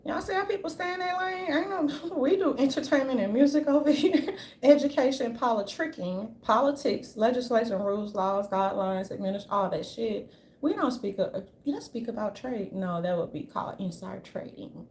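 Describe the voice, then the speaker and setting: A woman giving an unscripted commentary rant, brash and profane, with a sassy, animated delivery. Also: on the high side, moderate pace. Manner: brash, profane, sassy, repeatedly says "darling"; animated, jumps into mocking voices. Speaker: commentary vlogger.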